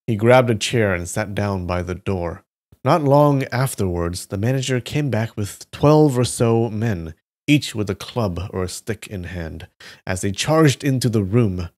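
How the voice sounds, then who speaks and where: A man reading a story aloud on a live stream with steady delivery. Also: lowish voice, a little slow. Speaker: live reader.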